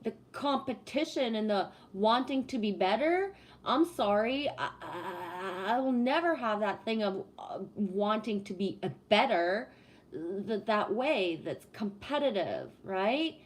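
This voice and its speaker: A woman's voice: animated, unhurried. A woman chatting casually on a live stream, reading viewer comments and ranting with plenty of swearing. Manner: swears a lot, rants with rising pitch; talks to chat, reads comments aloud.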